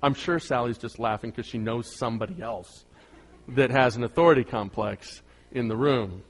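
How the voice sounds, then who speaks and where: A man's voice: mid-range voice, moderate pace. A middle-aged man preaching a conversational sermon, joking with the congregation and rising to emphatic bursts. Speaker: pastor.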